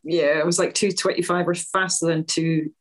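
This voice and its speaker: A woman's voice: on the low side, little pitch movement, moderate pace. A young adult woman, a swimmer, recalling her past plainly in a casual interview. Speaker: swimmer, guest.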